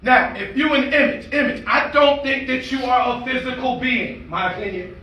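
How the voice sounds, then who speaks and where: A man giving an energetic, preacher-like motivational speech that he leads as call-and-response, shouting words for emphasis. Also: extremely high pitch, moderate pace. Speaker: motivational speaker. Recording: echoey room, mic far off, faint noise.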